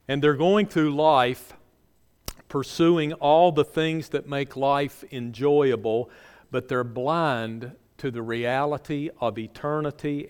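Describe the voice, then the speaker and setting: A man's voice: fairly even intonation, slow, clear, resonant tone. Earnest preaching man in reverberant church. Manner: earnest preaching, repeats phrases for emphasis, drops low and soft at line ends. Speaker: pastor. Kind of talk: sermon. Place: church sanctuary. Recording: long hall reverb.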